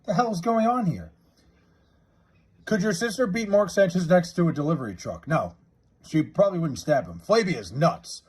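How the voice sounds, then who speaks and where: Male streamer, husky voice, lively pitch, loose profane chat with viewers, drawls out joke names. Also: moderate pace. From New York area. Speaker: livestreamer. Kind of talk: casual live stream chat, reading viewer comments. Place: his house.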